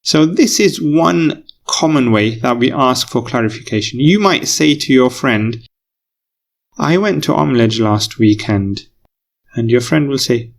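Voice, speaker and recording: Gravelly-voiced man teaching patiently. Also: mid-range voice, a little slow. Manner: patient, repeats key phrases. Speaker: English teacher. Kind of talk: recorded lesson explanation.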